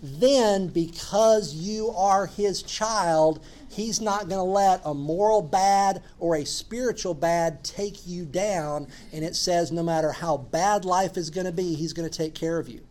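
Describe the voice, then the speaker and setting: A man's voice: high-pitched, unhurried, few pauses, darkish tone. A man preaching a sermon as a pastor, earnest and emphatic, building his points through repeated phrases.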